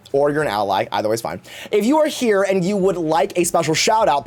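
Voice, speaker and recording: A man's voice: high voice, darkish tone. A man streaming live, chatting casually in a campy, theatrical way and swearing freely.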